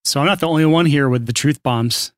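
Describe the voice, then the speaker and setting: A man from Alabama co-hosting a podcast, talking in an energetic, motivational way. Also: fairly high pitch, brisk, no echo, clean studio sound. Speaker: podcast co-host. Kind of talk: casual podcast chat.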